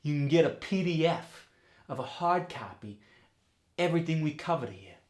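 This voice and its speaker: A man teaching a dialect tutorial as an upbeat accent coach, loudly exaggerating the example words he demonstrates. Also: on the high side, animated, moderate pace, roomy sound.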